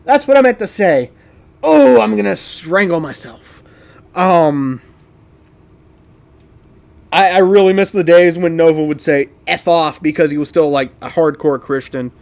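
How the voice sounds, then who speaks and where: A high-pitched man talks loosely over his own old video, with plenty of "um"s and "like"s. He laughs easily, swears without a second thought, and sounds like a casual reaction creator. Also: a little slow, vocal fry, pauses often, darkish tone. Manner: laughs often, swears casually, rambling fillers.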